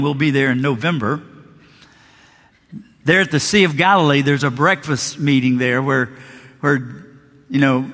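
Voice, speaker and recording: A man preaching a sermon with a slightly high voice, carried by a long reverb in a church sanctuary. He tells his stories earnestly and gives the quoted lines their own drama. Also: a bit bright. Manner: earnest storytelling, acts out biblical quotes. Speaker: pastor.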